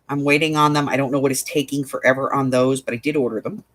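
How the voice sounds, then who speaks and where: A woman's voice: a bass voice, steady tone, quick pace, background noise. A woman running a craft shop, telling a story in casual chat, with exasperated asides. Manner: chatty storytelling, exasperated asides, laughs often.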